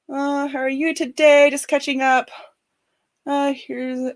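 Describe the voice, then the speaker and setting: A woman's voice: high voice, fairly even intonation, extremely slow, pauses often. Giggly, chatty woman hosting a craft stream. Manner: chatty and giggly, joking asides. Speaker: craft livestream host. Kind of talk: casual chat while crafting.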